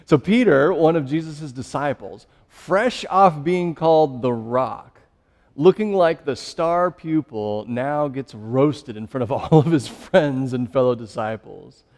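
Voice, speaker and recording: A man's voice: mid-range voice, measured pace, a little mellow. Man preaching in a reverberant hall. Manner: conversational, laughs often while telling stories. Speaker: pastor. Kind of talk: sermon.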